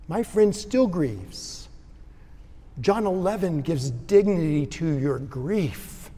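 A man preaches at an unhurried, deliberate pace, his voice sitting a little high for a man. He moves between ringing emphasis and hushed tenderness. His words hang in the long reverb of a big church sanctuary. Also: very animated. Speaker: pastor. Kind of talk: sermon.

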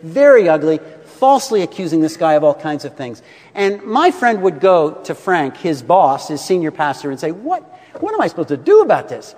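Pastor guy preaching, higher voice that swoops all over, big echoey church hall. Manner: expressive, swinging between rising emphasis and soft drops. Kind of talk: sermon.

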